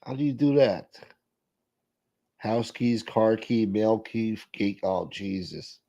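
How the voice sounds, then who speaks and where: A man with a low, mellow voice talks quietly and casually, answering the comments in his livestream chat as they come in. The sound is dull and lo-fi, like stream audio. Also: takes it slowly. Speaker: livestream host reading chat.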